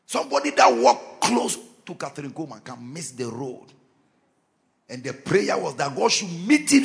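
A man preaching a Christmas sermon to a church, fervent and swinging from quiet lines into sudden shouts. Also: medium pitch, gravelly. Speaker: pastor.

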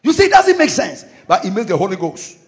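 A fervent pastor preaching a charismatic sermon, his high voice leaping up and down as he shouts decrees. He is a man who drives every declaration with loud, rising conviction and very lively pitch. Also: quick pace.

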